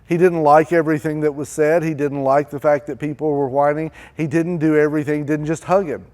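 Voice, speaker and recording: A male pastor delivers a sermon in a somewhat high voice. He acts out anguished complaints with dramatic swings, climbing loud and then sinking to a near murmur. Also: fairly even intonation, brisk. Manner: dramatic, acting out desperate pleas in a raised voice. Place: church.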